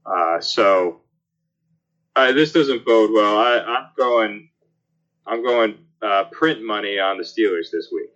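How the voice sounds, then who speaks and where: A man talking as a panelist in casual sports talk, halting, with many ums. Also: on the low side, a bit bright. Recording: dull lo-fi call audio.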